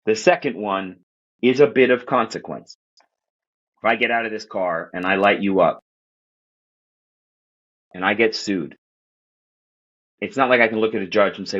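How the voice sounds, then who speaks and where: A man from Queens, New York, telling stories as a podcast guest in animated, casual talk, swearing and acting out what people said. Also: on the low side, moderate pace, pauses often, muffled recording. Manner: animated, profane, acts out quoted voices. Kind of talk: casual storytelling chat.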